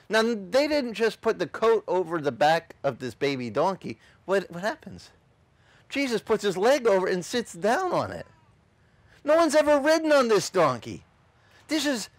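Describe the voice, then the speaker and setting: A male pastor preaching an animated sermon, acting out voices in his stories. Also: sits high, no room sound. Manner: animated, acts out voices and shouts in quotes. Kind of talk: lively sermon.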